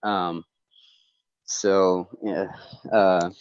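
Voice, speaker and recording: Deep-voiced man, halting earnest chat. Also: flat delivery, clean tone, dry recording. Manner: halting and rambling, many restarts; earnest, confessional. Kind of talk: casual chat on a livestream call. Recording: dull, dry lo-fi call audio.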